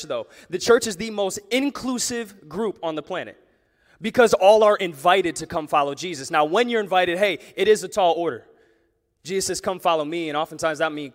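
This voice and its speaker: A man preaching to a church audience in a lively, conversational way. His voice sits a little high, and he keeps firing off rhetorical questions. The long reverb of a large hall trails behind every phrase. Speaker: pastor. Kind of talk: sermon.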